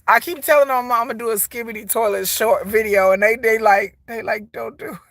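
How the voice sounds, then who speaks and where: A woman's voice: a little high, steady tone, a little fast, fairly bright tone, no echo. A woman in her forties chatting casually to camera as a vlogger, rambling, laughing often and mimicking people. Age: 40s.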